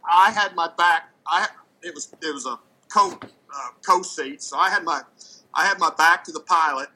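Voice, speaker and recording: Bright-voiced man telling an animated story. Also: on the high side, normal speed, slight background noise, poor audio. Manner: animated, repeats words, acts out quoted voices. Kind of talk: casual storytelling.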